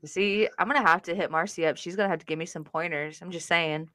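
A woman co-hosting a casual podcast, playful and quick to laugh. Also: on the low side, bright, forceful tone, dry recording, clean studio sound. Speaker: podcast co-host. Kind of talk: casual chat.

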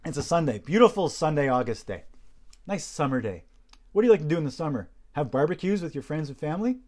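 A man hosting a podcast, telling stories in a rambling, animated way, repeating himself and clearing his throat often through a hoarse voice. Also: on the high side, fast. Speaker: podcast host. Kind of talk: casual storytelling monologue.

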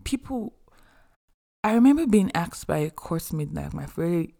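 A young woman from Nigeria, hosting a podcast and giving chatty, expressive advice with humorous asides. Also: on the low side, moderate pace, gravelly. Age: young adult. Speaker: podcast host. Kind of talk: casual advice monologue.

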